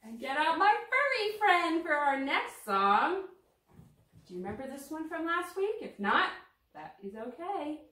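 A woman's voice: sits high, sing-song, a little slow, reverberant. Sing-song woman reading to toddlers. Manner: sing-song, gentle and playful, talking to toddlers. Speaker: children's librarian. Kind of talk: baby storytime with songs and reading.

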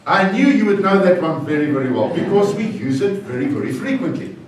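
High-voiced South African pastor in an echoey hall. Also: male voice, a little fast, crowd noise. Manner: playful, lively, talks with the congregation. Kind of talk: sermon. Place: church hall. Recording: very echoey church hall, far from the mic.

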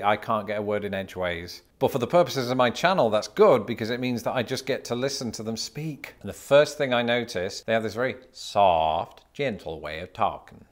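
A British man hosting a comedic vlog from his home, talking in a playful, wry way and slipping into mock accents. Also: mid-range voice. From Britain. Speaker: YouTuber host. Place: home in Illinois.

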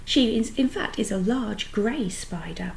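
A woman reading a children's book aloud, pausing to explain words to young listeners. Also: mid-range voice, lively intonation, gravelly, poor audio. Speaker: storyteller.

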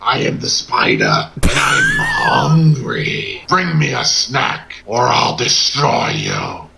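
A man voicing a hungry, menacing giant spider who demands snacks in a slow, threatening growl. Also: mid-range voice, wildly swooping pitch, vocal fry, very noisy, pitched below the performer's own voice, heavily acted.

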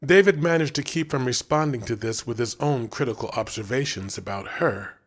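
A man narrating a story as an audiobook reader, with a dramatic, expressive delivery. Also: mid-range voice, fairly quick.

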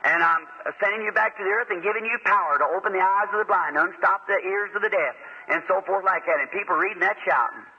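A man's voice: high-pitched, quick pace, breathy edge, dull audio. A man preaching a sermon at a church meeting in an earnest, folksy way that rises to emphatic fervor, on an old tape recording. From United States.

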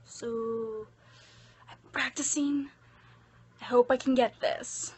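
A woman's voice: on the high side, steady tone, slow pace, darkish tone, husky. A young woman with an Irish accent, chatting casually and self-deprecatingly about her voice-acting commissions. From Ireland. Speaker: hobby voice actor.

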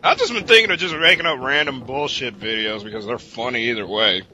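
A man's voice: medium pitch, brisk, pushed and bright, highs cut off, a little hiss or hum. A man hosting a casual podcast chat, rambling goofily and swearing. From United States. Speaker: podcast host.

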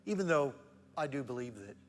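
A man preaching a sermon as pastor, moving between loud emphatic rhetorical questions and soft, hushed prayer. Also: medium pitch, very animated, brisk, big-room sound, faint music behind. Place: church sanctuary.

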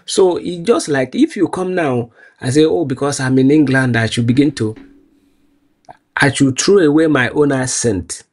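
A man's voice: medium pitch, normal speed, darkish tone. A man from Nigeria with a Nigerian accent, answering interview questions in an earnest, proud way and laughing easily. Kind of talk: casual street interview.

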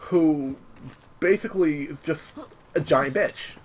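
A man's voice: fairly high pitch, slow, a crowd in the background. Rambling young man narrating his gameplay. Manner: rambling, restarts a lot, swears casually. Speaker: gaming channel host. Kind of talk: let's-play commentary.

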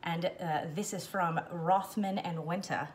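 A woman's voice: lowish voice, steady tone, measured pace, slight background noise. A woman hosting a casual cocktail how-to, playful, slipping in and out of a put-on continental accent. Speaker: cocktail show host.

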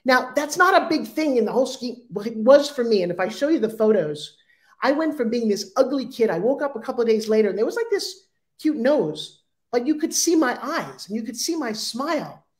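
A woman in her fifties with a Long Island accent tells her life story as an interview guest. She is animated and slips into the voices of the people in her stories. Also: a little high, a little fast. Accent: Long Island New York.

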